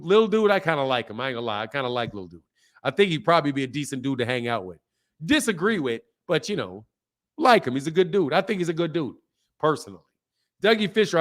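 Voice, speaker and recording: A man with a fairly high, fairly bright voice hosts a boxing channel livestream. He talks bluntly and rambles, repeating himself, throwing in lots of slang and reading chat messages out loud as casual commentary.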